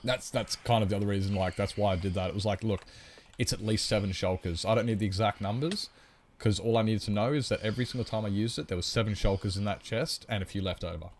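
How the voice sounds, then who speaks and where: Man, lowish voice, casual livestream talk, rambling explanations, answering chat. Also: fast, a little hiss or hum. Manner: rambling, chatty, explains at length; reads and answers chat comments.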